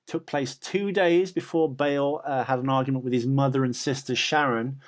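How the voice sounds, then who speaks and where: Man, podcast co-host, casual rambling chat, mid-pitched voice, lots of uhs. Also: fairly even intonation, moderate pace. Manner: rambling, with many restarts and filler uhs.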